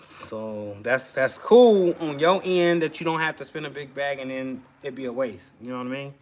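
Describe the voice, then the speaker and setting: A man's voice: mid-range voice, moderate pace. Laid-back forty-year-old man chatting. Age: 40s. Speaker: custom shirt maker vlogger. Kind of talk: casual chat to camera.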